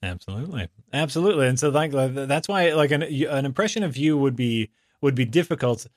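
A man co-hosting a podcast, chatting in a loose, hesitant way with frequent restarts. His pitch sits in the middle of the usual range. The recording is close and dry, with no room sound. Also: animated, fast, no room sound. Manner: chatty, hesitant, laughs easily. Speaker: podcast co-host. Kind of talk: casual chat.

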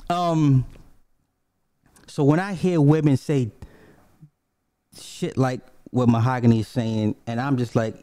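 A man hosts a podcast with a mellow, dark voice. He tells blunt, profane stories and keeps breaking off into asides. The sound is close and dry, with no room echo. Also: mid-range voice, measured pace, long pauses. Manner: blunt, animated storytelling with frequent asides. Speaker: podcast host. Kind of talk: casual profane commentary.

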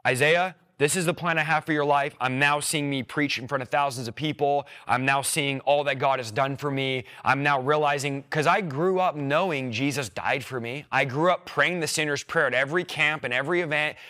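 A man's voice: medium pitch, steady tone, moderate pace, few pauses, sharp tone. A young man telling his personal faith testimony on a podcast, earnest and emotional, often repeating his phrases. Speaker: podcast guest.

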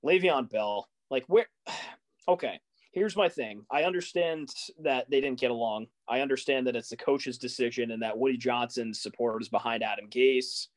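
A young man co-hosting a casual sports podcast, talking in animated, exasperated rants full of rising questions. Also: mid-range voice, moderate pace. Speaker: podcast co-host.

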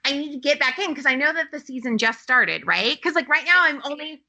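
High bright excitable woman guest. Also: a little fast, creaky, muffled recording. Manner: excitable, rambling, lots of "like" fillers. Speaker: podcast guest. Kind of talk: casual chat.

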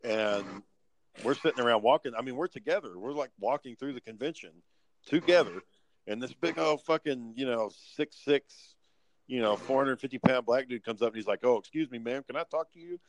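A man's voice: medium pitch, normal speed, a little hiss or hum, rough recording. A man telling a convention story in casual chat, swearing freely and acting out other people's lines. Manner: profane, animated storyteller who acts out other people's lines. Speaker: podcast co-host.

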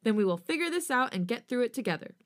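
A woman voicing a tender young husband who speaks softly and reassuringly to his wife, in a read-aloud story. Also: fairly high pitch, sing-song, fast, pitched above the performer's own voice. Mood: playful. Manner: soft, soothing, coaxing delivery.

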